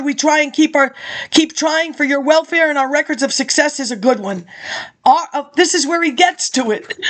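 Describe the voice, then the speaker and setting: A woman reading an old political speech aloud and breaking off into chatty, rambling asides with laughs and throat clearing. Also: high voice, fairly bright tone. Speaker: reader of archive documents.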